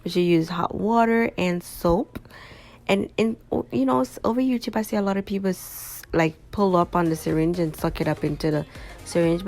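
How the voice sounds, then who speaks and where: A tired woman vlogger narrating her own craft video in a chatty, casual voice. She talks straight to the viewers, and her voice sits a little low with a gravelly fry. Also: a little mellow. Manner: chatty, addresses viewers directly. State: tired and yawning. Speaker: small business owner and vlogger. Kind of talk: casual voice-over of a craft tutorial.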